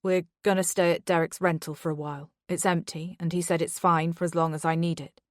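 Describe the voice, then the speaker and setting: A woman's voice: fairly low pitch, flat delivery, brisk, no echo, clean studio sound, natural voice. A woman voicing a guarded husband who speaks in a curt, spiteful way. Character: cold, guarded husband protecting his children.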